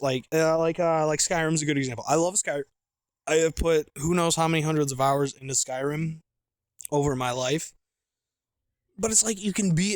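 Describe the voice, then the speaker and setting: A man in his late twenties chats loosely about games, piling up fillers and slang in a fairly high voice. He talks from a camping chair outdoors. The sound is close and dry. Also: no echo. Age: late 20s. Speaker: gaming podcast host. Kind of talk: casual rambling monologue.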